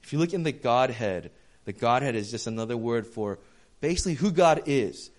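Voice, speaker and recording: A man delivering a sermon in a casual, conversational tone, at a medium pitch for a man. He tells stories and acts out dialogue with lively shifts of voice as he talks to a congregation. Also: a little fast. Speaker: pastor.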